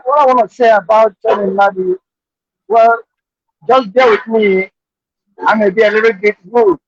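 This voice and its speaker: Gravelly, husky male caller on a dull line. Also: sits high, no room sound. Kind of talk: call-in comment.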